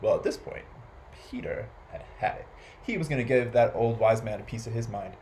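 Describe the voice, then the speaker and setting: A man reading a children's story aloud as a library storyteller, animated and playful, making animal and household sound effects. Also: mid-range voice, normal speed, a little hiss or hum, low-quality recording.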